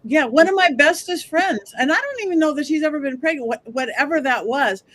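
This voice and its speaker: A woman's voice: high-pitched, animated, fairly quick, fairly bright tone. A woman hosting a casual chat, bubbly and steering the talk along. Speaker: podcast host.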